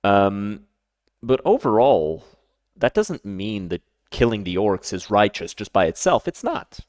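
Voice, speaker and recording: A man with a lowish voice talks through a reaction in a casual, emphatic way. He piles up repeated words and restarts his sentences as he argues. The sound is close and dry, with no room around it. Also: very animated, a little slow, a little mellow, no room sound. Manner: emphatic, repeats himself, stammers restarts when worked up. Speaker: streamer reacting to a video.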